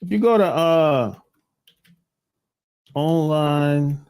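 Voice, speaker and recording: A man's voice: a little high, drawn-out words, darkish tone, clean tone. A man hosting a livestream, chatting casually with viewers in a rambling, profane way and laughing often. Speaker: livestream host.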